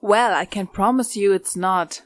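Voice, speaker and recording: A woman's voice: medium pitch, measured pace, dry recording, lightly acted. A woman voicing a frank teenage girl who firmly sets someone straight, as dialogue in a narrated story. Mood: firm, correcting. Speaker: voice of the story's poster.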